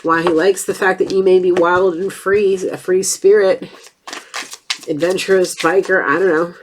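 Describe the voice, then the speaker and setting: A woman's voice: fairly low pitch, steady tone, normal speed, slight background noise. A woman giving a casual tarot reading, chatty and blunt, with a stuffed-up nose. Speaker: tarot reader.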